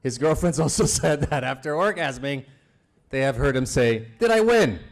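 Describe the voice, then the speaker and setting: A man's voice: medium pitch, moderate pace, gravelly. A man delivering a comedy roast at a charity banquet, chuckling through his jokes and teasing the guest of honor. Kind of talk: stand-up roast set. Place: banquet event before a live audience.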